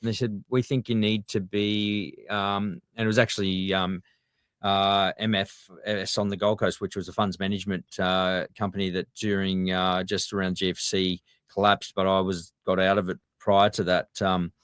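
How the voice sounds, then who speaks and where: A man's voice: low-pitched, flat delivery, moderate pace, a bit bright, clean tone, no room sound, studio quality. A podcast host in his fifties telling a story in casual conversation, rambling and hesitant with many ums. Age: 50s.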